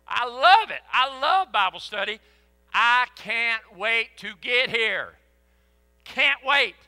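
An older man preaching a sermon in a church, animated and folksy, with sudden whoops. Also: high voice, smooth. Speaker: pastor. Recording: echoey hall.

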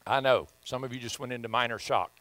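A man's voice: medium pitch, fast talker, fairly bright tone, no room sound, rough recording. A man with a Southern US accent preaching a sermon as pastor, folksy and joking, often repeating himself.

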